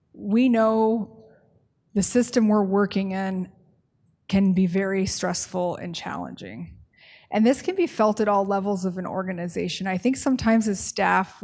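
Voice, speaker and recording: A woman leading a staff training workshop, talking in a brisk, conversational way and often checking in with the group. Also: mid-range voice, creaky, a little mellow.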